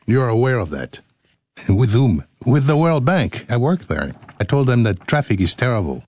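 A man's voice: medium pitch, sing-song, normal speed, darkish tone. A male radio host, older, joking and laughing his way through studio outtakes in a playful, sing-song manner.

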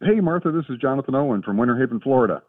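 A man's voice: medium pitch, animated, rapid-fire, dry recording. A man in his fifties calling in to a radio show, telling his question in a chatty, rambling way. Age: 50s. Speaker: caller. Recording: tinny distant phone line.

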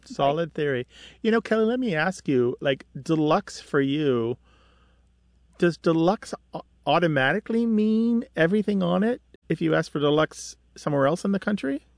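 Chatty radio host, dry studio sound. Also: male voice, on the high side, moderate pace, no echo. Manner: chatty, explains word history in a lively storytelling way. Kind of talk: call-in radio chat. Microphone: studio microphone.

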